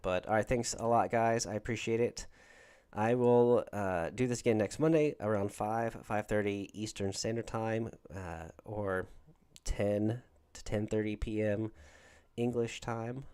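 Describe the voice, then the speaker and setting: A man's voice: lowish voice, a little slow, darkish tone, smooth. A man from Georgia with a Southern accent, hosting a casual livestream and chatting with viewers in a rambling way. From Georgia, USA. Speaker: livestream host.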